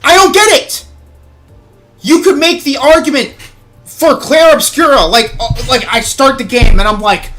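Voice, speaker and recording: Bright-voiced young man ranting on stream. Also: very high voice, measured pace, faint music behind. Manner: ranting, swearing, apologetic after outbursts. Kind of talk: casual livestream chat while gaming.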